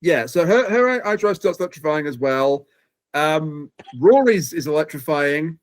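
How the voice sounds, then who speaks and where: A man's voice: fairly high pitch, animated, moderate pace. A man hosting a podcast, eagerly recapping a plot in casual chat. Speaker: podcast host.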